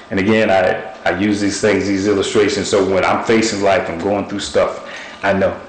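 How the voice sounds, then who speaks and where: A middle-aged man preaching a sermon, repeating short phrases and using objects as illustrations. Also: on the low side. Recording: echoey room with faint noise.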